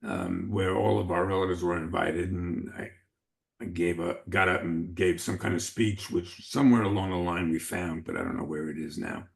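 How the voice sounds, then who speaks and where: A man in his seventies from New York City, recalling his childhood in a relaxed way during an oral history interview. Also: low voice, moderate pace, vocal fry. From the Bronx, New York City. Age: 70s.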